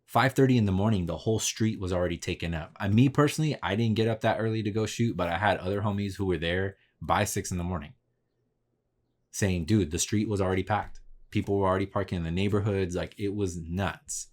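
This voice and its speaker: With a deep voice and a fairly quick delivery, a man spins a story on his podcast, reliving his own conversations in casual, slangy, profane language.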